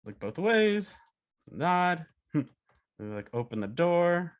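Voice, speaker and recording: A man giving a casual talk as a storyboard artist, chatty and animated, acting out cartoon pitches. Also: slow. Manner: animated, chatty, many fillers and laughs.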